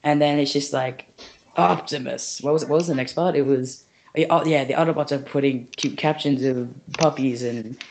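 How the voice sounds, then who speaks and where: A man's voice: medium pitch, fairly even intonation, brisk, darkish tone, a little hiss or hum. A man casually retelling a funny video to friends, rambling and leaning on "he's just like".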